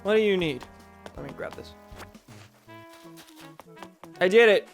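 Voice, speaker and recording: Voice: medium pitch, unhurried, vocal fry, faint music behind. A game streamer chatting casually while playing, thinking aloud and joking at their own expense.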